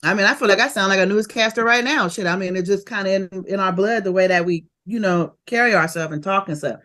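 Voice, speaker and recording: A woman, a rapper telling stories of her early career in a casual interview, animated and quick to laugh. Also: medium pitch. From Oakland, California. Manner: animated and laughing, fast bursts of memories.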